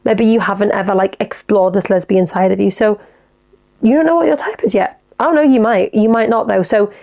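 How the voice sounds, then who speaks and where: A woman's voice: mid-range voice, a little fast, vocal fry, darkish tone. A woman hosting a podcast, giving advice in a chatty, enthusiastic and sweary manner. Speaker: podcast host. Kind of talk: casual advice chat.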